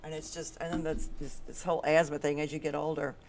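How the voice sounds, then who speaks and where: A woman hosting a casual talk show, telling stories with lots of laughter in a worn, raspy voice. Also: deep voice, fast talker. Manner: animated storyteller, laughs often. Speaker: podcast host. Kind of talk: casual chat.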